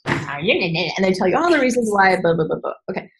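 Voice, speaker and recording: A woman business coach in a candid podcast conversation, animated and emphatic, acting out voices and repeating key phrases. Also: medium pitch, rapid-fire, poor audio. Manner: animated, acts out voices and inner dialogue.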